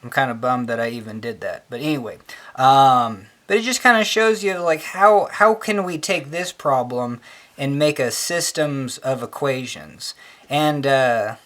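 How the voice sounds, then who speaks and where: A man at an ordinary middle pitch explains a logic puzzle in loose, rambling fashion. He fills his talk with ums and side tangents, and keeps cheering himself on. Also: a little slow, fairly bright tone. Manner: chatty, filler-heavy, says "hell yeah" a lot. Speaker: math tutor.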